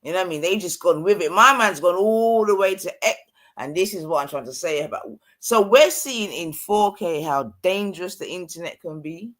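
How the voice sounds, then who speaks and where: Brief: young man, lively swinging pitch, bright edgy tone, exasperated live-stream rant. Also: normal speed. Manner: exasperated, repetitive, street slang. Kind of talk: heated casual chat.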